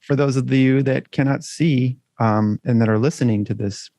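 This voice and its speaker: A man's voice: medium pitch, steady tone, moderate pace, mellow, no room sound, studio quality. A man co-hosting a podcast in loose, joking banter, swearing freely as he chats. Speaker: podcast co-host.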